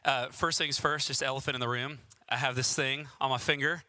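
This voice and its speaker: A man's voice: mid-range voice, fairly even intonation, a little fast, pushed and bright, no room sound. A man in his thirties, a pastor giving a sermon with personal stories, chatty and self-deprecating and laughing often.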